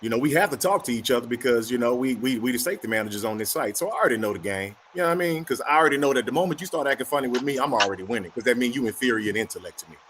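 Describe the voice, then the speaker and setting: A man's voice: medium pitch, lively intonation, very fast, few pauses, fairly bright tone, slight background noise. A man in casual chat, telling a story animatedly and acting out both sides of the dialogue.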